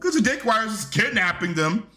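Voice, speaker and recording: Male wrestling reviewer, casual recap rant, blunt and profane, bright tense voice, slightly high register. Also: big pitch swings, fairly quick.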